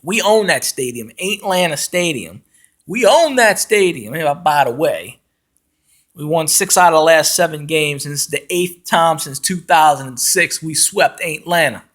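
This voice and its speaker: A man ranting as a football fan, loud and profane, with lots of fillers and restarts. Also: fairly high pitch, expressive, normal speed. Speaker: fan commentator.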